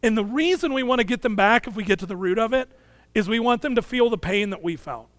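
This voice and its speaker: A man in his thirties, a pastor preaching a sermon in an earnest way, dropping soft and low on key phrases. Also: lively intonation, fast talker, no room sound.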